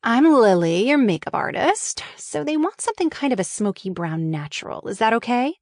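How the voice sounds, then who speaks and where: A woman's voice: sing-song, normal speed, no echo, studio quality. A woman voicing a flashy makeup artist in her late thirties, bubbly and eager, while reading a screenplay aloud. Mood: gushing. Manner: bubbly, eager, pitch jumping up.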